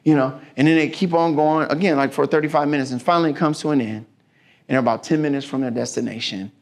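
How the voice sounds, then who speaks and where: A man's voice: on the high side, fast talker. A man giving a folksy, preacherly motivational talk with stories at a business mixer. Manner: folksy, preacherly, acts out story voices.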